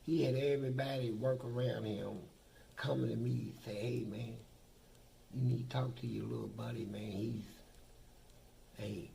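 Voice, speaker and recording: A man's voice: medium pitch, steady tone, normal speed, vocal fry, long pauses, warm tone, a little hiss or hum, low-quality recording. An older man, a former prisoner, telling blunt, profane stories in a documentary interview. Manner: blunt, profane, boastful storytelling.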